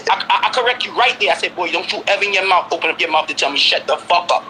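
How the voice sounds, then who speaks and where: A man's voice: high-pitched, racing, few pauses, background noise. A man from Brooklyn, New York, in his forties, talking heatedly in casual conversation and insisting on his point with repeated questions. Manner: insistent, repeats himself, presses the listener with questions. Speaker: guest.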